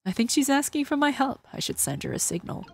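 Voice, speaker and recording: A woman's voice: high-pitched, very animated, fast talker, vocal fry, darkish tone. A woman streamer commenting live on a game, sarcastic and swearing casually.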